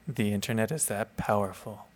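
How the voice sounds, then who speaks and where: A man co-hosting a comedic podcast in casual chat, joking and swearing freely, stumbling over his words when he gets excited, speaking into a lapel mic held in his fingertips. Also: fairly low pitch, moderate pace. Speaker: podcast co-host. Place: makeshift home setup.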